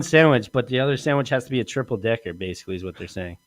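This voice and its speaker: A man hosts a loose, crude comedy podcast. He rambles from story to story and swears often. He puts on animated voices when he quotes people. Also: mid-range voice, rapid-fire. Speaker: podcast host. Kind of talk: casual crude comedy chat.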